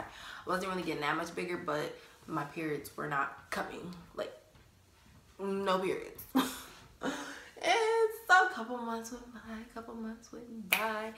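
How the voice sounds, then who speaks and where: A woman's voice: on the low side, bright, forceful tone, slight background noise. A young woman telling a personal story in a casual, blunt way, cussing freely and laughing at herself. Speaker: vlogger. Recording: roomy echo.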